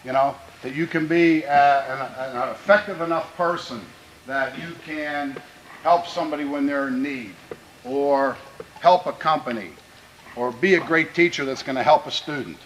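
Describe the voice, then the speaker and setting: A man who is a high school football head coach, giving an earnest, plainspoken pregame speech to his players and often restarting his phrases. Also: moderate pace, slight background noise, poor audio. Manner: grows louder and more fervent when speaking of country.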